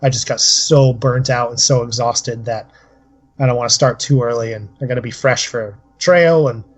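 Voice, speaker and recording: A man's voice: mid-range voice, moderate pace. A man co-hosting a casual podcast, talking steadily and rambling with many fillers. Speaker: podcast co-host. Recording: slightly dull lo-fi audio.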